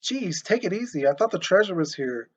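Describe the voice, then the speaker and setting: A man's voice: high-pitched, very animated, brisk, pitched above the performer's own voice. Man doing a cheeky teasing little brother. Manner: teasing, flippant. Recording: muffled lo-fi recording.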